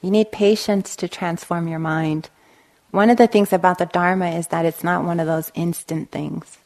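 A woman meditation teacher giving a gentle dharma talk, telling stories and often checking in with "right?". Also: on the low side, steady tone, normal speed. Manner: gentle, storytelling, frequent "right?". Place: meditation hall.

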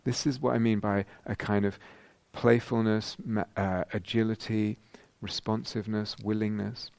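A man with a British accent giving a dharma talk as a meditation teacher, gentle and reflective, pausing often and restarting phrases. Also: on the low side, little pitch movement, vocal fry, no room sound. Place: retreat meditation hall.

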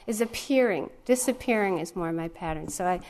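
A woman's voice: on the low side, animated, a little fast, darkish tone. A woman meditation teacher giving a dharma talk, telling a story with lots of amused laughter before moving into teaching. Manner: amused, laughs often while telling stories. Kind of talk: dharma talk with a personal anecdote. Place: retreat center meditation hall.

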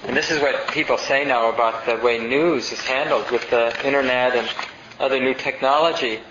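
A man's voice: medium pitch, fairly even intonation, moderate pace, background noise. A male meditation teacher giving a conversational dharma talk. He reads passages aloud and asks the audience questions. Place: meditation center hall. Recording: roomy, dull lo-fi sound.

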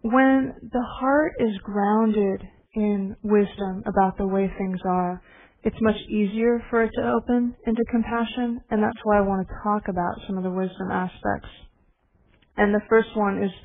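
Gentle woman giving a dharma talk. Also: mid-range voice, fairly even intonation, gravelly. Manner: gentle and reflective, with pauses. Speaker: meditation teacher. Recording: tinny phone-like recording.

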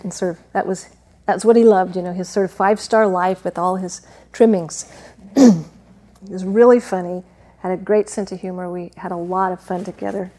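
A middle-aged woman, a meditation teacher, telling a personal story in a gentle, reflective dharma talk, pausing now and then to clear her throat. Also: medium pitch.

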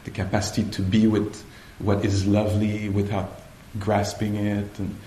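A man giving a dharma talk at a meditation retreat, slow and hesitant, often pausing to search for the right words. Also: fairly low pitch, completely flat delivery, mellow, slight background noise. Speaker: meditation teacher. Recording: echoey room, faint ambience.

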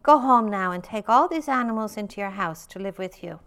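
Woman doing a calm wise old rabbi, gentle and serene, smooth clear voice. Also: mid-range voice. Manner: serene, gentle, unhurried counsel.

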